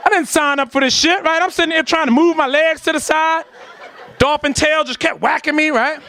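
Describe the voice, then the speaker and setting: A man doing a stand-up comedy set, telling a story with lively acted-out voices and shouts before a laughing audience. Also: extremely high pitch, brisk, a faint crowd, a little hiss or hum.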